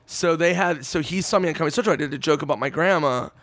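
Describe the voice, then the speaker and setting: A man telling a story in casual podcast chat, animated and swearing, acting out what others said. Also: on the high side, fast, dry recording. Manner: animated, swearing, acts out quotes. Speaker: podcast guest.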